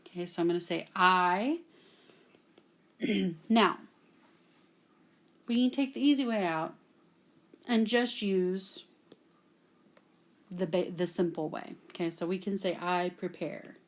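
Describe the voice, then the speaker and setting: A woman's voice: lowish voice, slow pace, long pauses. A woman from Texas, teaching a classroom grammar lesson at a whiteboard and patiently checking in with "okay?" after nearly every point. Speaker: Latin teacher.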